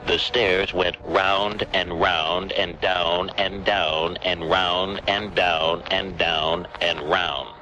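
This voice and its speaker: A male radio host reading a children's story aloud in a slow, deliberate, mock-solemn way, drawing out the repeated phrases. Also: sits low, steady tone, lo-fi sound, background noise. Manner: slow, deliberate, drawn-out repetition. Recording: radio broadcast over a music bed.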